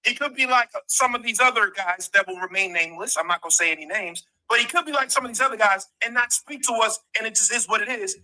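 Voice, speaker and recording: A man's voice: high voice, quick pace, few pauses, pushed and bright, rough recording. A man co-hosting a boxing live stream, earnestly introducing a guest and putting questions to him. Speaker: live stream co-host and interviewer. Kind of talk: casual interview on live stream.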